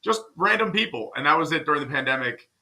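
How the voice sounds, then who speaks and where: A man guesting on a podcast, telling stories in casual, animated chat. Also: on the high side. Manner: fast, animated storyteller.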